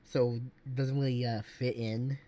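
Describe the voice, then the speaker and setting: A man's voice: medium pitch, level tone, measured pace, mellow. A man streaming casual reaction commentary, rambling with many fillers and restarts.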